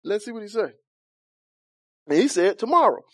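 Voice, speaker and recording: A man's voice: high voice, moderate pace, a little mellow, dry recording. A man leading an interactive Bible study, asking the group questions, chuckling often and talking in a loose, informal way.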